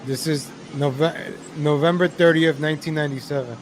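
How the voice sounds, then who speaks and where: A man ranting in exasperation over video clips, talking straight to his audience as ladies and gentlemen. His voice sits slightly high. A faint noise floor runs under the recording. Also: fairly even intonation, normal speed. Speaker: commentator reacting to videos.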